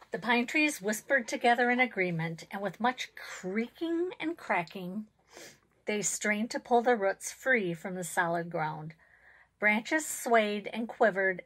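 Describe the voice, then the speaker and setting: A woman's voice: mid-range voice, husky, rough recording. Give me a woman author reading a children's story aloud. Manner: expressive, measured storytelling.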